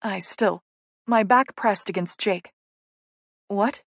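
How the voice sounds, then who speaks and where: A woman's voice: medium pitch, normal speed, no echo. A woman narrating a first-person romance audiobook in an intimate, playful way, on a close studio mic.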